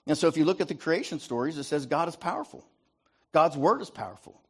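A man's voice: a little high, sing-song, fast talker, a bit bright, husky. A man preaching a sermon as pastor, asking the congregation to repeat lines back to him and tagging points with "right?". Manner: rhetorical call-and-response, repeated "right?".

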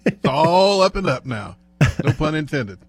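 A man's voice: a little high, big pitch swings, unhurried, breathy edge, dry recording. A man bantering with short wisecracks as a co-host on a sports radio show in a studio.

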